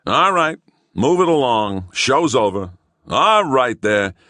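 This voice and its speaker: A man reading an audiobook, voicing a gruff, bossy policeman who barks curt orders. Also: on the low side, big pitch swings, normal speed, a bit bright, dry recording, studio quality, voice pushed up, heavily acted. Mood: commanding.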